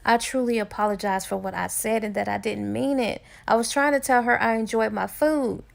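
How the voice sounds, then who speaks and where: A woman voicing a flustered, indignant young woman in a retold story, with high-pitched exclamations. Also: steady tone, a little fast, vocal fry. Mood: pleading.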